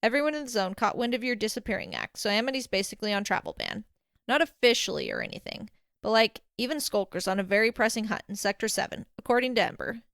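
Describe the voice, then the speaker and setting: A woman voicing an anxious but sharp young woman, talking quickly and earnestly. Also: a little high, very animated, gravelly, no echo, studio quality, full character voice.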